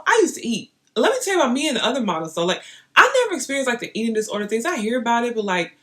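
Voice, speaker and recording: A young woman vlogging, chatting straight to her viewers in an animated, storytelling way. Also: medium pitch. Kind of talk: casual storytelling to camera.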